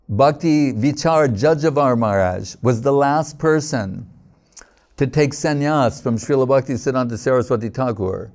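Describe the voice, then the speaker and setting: A man giving an unhurried devotional sermon, telling stories, quoting scripture and checking in with "right?". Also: mid-range voice, darkish tone. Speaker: speaker at a devotional gathering.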